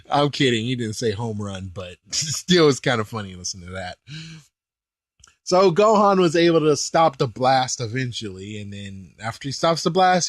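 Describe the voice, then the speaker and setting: A man hosting a casual episode commentary, excitable and chuckling, with mild swearing. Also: medium pitch, no echo. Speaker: anime reaction host.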